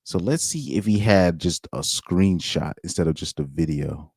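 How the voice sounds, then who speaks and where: A young man with a deep, low voice gives casual reaction commentary. He reads posts aloud and breaks off into incredulous asides and half-finished restarts. The sound is close and dry, with no room around it. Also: moderate pace, gravelly, a little mellow, breathy edge, no room sound. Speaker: commentary streamer.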